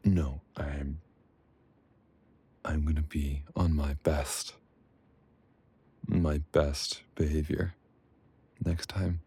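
A young man murmurs close to the mic in an intimate audio role-play, his low voice husky and breathy. He talks slowly and tenderly, with frequent sighs between his words. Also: fairly even intonation. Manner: breathy, sighing, soft and affectionate.

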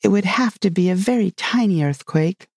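A man's voice: sits high, animated, normal speed, creaky, dry recording, studio quality, voice pushed up, heavily acted. A man voicing a polite, curious young girl in a storybook reading. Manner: polite, inquisitive.

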